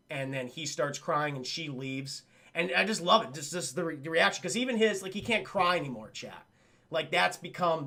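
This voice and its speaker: High-voiced animated streamer man. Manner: animated, swearing, acts out the scenes in quick voices. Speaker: streamer reviewing a film. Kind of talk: casual livestream recap to chat.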